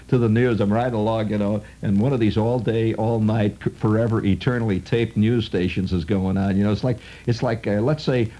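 A man's voice: mid-range voice, dark tone, poor audio. A man hosting a radio show, delivering a wry, digressive monologue full of sardonic asides. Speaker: radio host.

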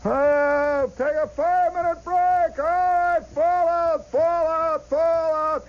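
A man's voice: extremely high pitch, steady tone, takes it slowly, highs cut off, voice pushed up. A man voicing an army sergeant who bellows orders down a marching column. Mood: barking orders. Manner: yelling commands down the line.

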